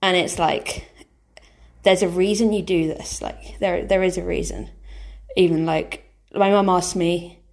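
A woman's voice: fairly low pitch, fairly even intonation, a little slow, gravelly. A young British woman, a medical student in her twenties, chatting casually with lots of "like". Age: 20s. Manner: filler-heavy, lots of "like". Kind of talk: casual chat.

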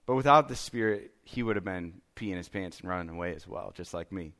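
A man's voice: low-pitched, a little fast, fairly bright tone. A man, preaching a sermon in a conversational, self-deprecating way and checking in with listeners. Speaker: pastor.

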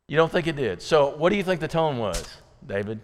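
A man's voice: a little high, very animated, brisk. Man teaching a group in a reverberant hall. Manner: conversational, asks the audience questions, many fillers and restarts. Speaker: Bible study teacher.

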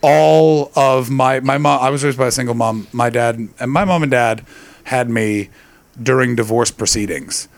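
A man's voice: mid-range voice, normal speed, dry recording. A man in his late twenties doing stand-up crowd work, brash, profane and teasing. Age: late 20s. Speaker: stand-up comedian.

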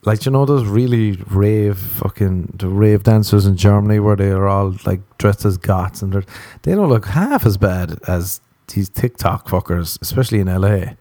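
A man's voice: fairly low pitch, moderate pace, warm tone, no room sound. A man hosting a comedy podcast, ranting in a profane, sarcastic monologue into a close mic. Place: Los Angeles home recording.

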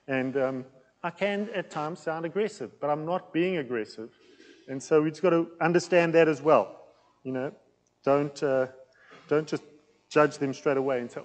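A man preaching a teaching sermon in a plain, loud, conversational way, with an accent that he says can sound aggressive. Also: a little high, normal speed, long reverb tail, rough recording. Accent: non-local accent in England. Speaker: pastor teaching a series.

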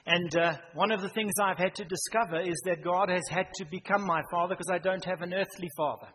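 A man preaching a sermon in church, swinging from loud emphasis down to a hushed near-whisper. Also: high voice, steady tone, a little fast, breathy edge. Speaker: pastor. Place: church hall. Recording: reverberant church hall, faint noise.

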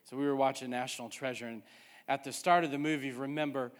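A man's voice: mid-range voice, steady tone, fast talker. A male pastor preaching a sermon, emphatic, repeating his refrains. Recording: hall with long reverb.

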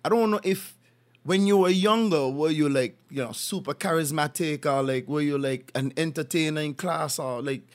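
A man's voice: fairly high pitch, moderate pace. A man casually interviewing a guest, chatting along and asking follow-up questions. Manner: chatty, laughs along, asks follow-ups.

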